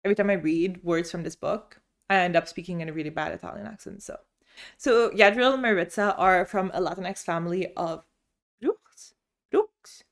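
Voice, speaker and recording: A woman's voice: on the low side, fairly quick, gravelly. Chatty young woman gushing about books. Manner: chatty, gushing, restarts sentences often. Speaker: book vlogger. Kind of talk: casual book review chat. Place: home room lit by sun.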